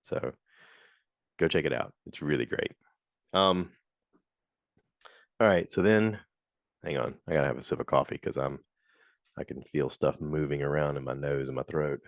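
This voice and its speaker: A gravelly-voiced man speaks at normal speed with long pauses, captured in echo-free studio quality. He's the host of a casual solo podcast, chatting and rambling through reviews with lots of fillers and high-voiced acted-out quotes.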